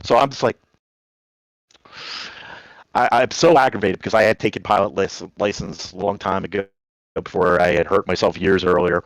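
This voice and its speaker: Rambling Jersey man, deep dry voice. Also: moderate pace, long pauses, dry recording, low-quality recording. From New Jersey. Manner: rambling, animated, acts out voices in anecdotes. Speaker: caller. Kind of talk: casual storytelling on a call.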